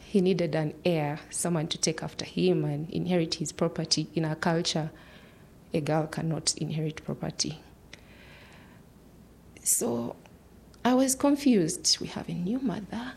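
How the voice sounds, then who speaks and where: A woman's voice: sits low, a little slow, vocal fry, long pauses, a little mellow, a little hiss or hum. A woman in her thirties, a human rights lawyer, telling an earnest personal story and dropping to near-whispers at tense moments.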